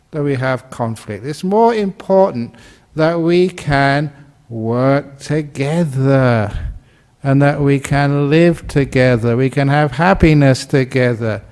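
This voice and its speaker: Slow-talking older British monk telling a story. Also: male voice, medium pitch, clean tone. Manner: animated storyteller, acts out the voices and laughs at his own jokes. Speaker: Buddhist monk giving a dharma talk. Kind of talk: storytelling dharma talk.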